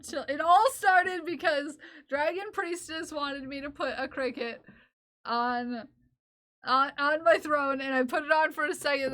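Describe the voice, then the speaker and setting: A woman's voice: high voice, fairly bright tone. A young woman live-streaming while crafting, chatting playfully with viewers, laughing and mock-scolding them. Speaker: livestreamer. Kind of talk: casual live-stream chat.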